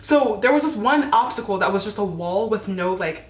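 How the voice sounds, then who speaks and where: A woman's voice: mid-range voice, lively intonation, moderate pace. Chatty teenage girl in an echoey room. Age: teens. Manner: chatty, lots of "like", acts out quotes. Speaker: vlogger. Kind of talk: casual storytelling to camera.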